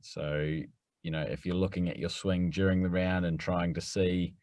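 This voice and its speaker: A man's voice: low-pitched, flat delivery, moderate pace, a little mellow, no room sound. A man, the rules expert on a podcast, explaining things in a matter-of-fact way. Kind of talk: casual explanation.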